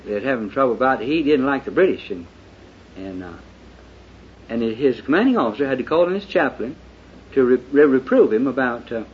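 A man preaching a sermon in a folksy way, dropping to hushed confession and then rising to fervent shouting. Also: medium pitch, expressive, brisk. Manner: folksy, with lots of "you know". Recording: dull lo-fi recording with faint hiss.

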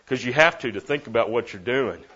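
A middle-aged man leads a Bible class, and his voice sits in a middle pitch. He repeats verses with lively emphasis on different words. The recording is a little dull and lo-fi. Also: brisk, slightly rough. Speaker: Bible study teacher.

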